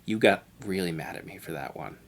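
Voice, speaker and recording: A man's voice: low-pitched, lively intonation, fairly quick, vocal fry. A man giving a parody audio commentary over a video, pompous, self-satisfied and absurd. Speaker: mock film commentator.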